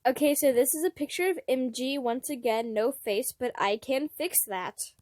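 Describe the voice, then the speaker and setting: A woman's voice: sits high, normal speed, darkish tone, dry recording, studio quality. A woman reading fanfiction aloud at home, with gushing, giggly fan asides. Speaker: fanfiction reader.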